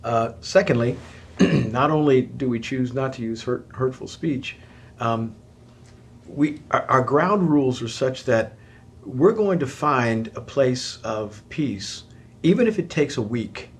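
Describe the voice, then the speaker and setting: A middle-aged man, a pastor, talking in an animated way in a conversational Q&A about marriage and joking about his own loudness. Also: medium pitch, takes it slowly, slight background noise.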